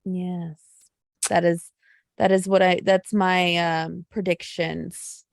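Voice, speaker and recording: A woman co-hosting a casual podcast, gushing and animated as she tells stories. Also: fairly low pitch, slow pace, creaky, no room sound, clean studio sound. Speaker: podcast co-host. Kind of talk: casual chat.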